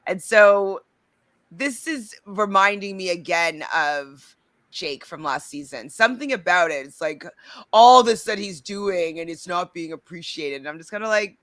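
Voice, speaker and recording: A woman co-hosting a casual reality show recap, chatty and animated, with lots of likes and restarts. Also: fairly low pitch, unhurried.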